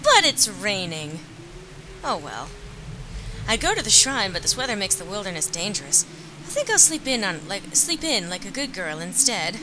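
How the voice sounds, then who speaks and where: A woman with a slightly hoarse voice from a cold, voicing a kind, upbeat teenage girl pigeon. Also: medium pitch, sing-song, normal speed, noisy background, natural voice. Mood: chirpy.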